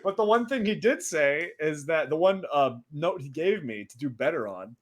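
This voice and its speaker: Animated, laughing male storyteller. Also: a little high, normal speed. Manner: animated storyteller, laughs through his stories. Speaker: podcast co-host. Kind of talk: casual storytelling chat.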